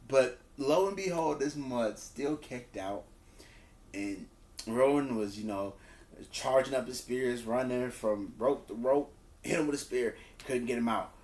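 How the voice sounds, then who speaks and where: A man giving a casual spoken review of a wrestling show. He talks loosely, repeats words and restarts, and acts out quotes in a higher voice. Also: unhurried, darkish tone. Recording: roomy echo.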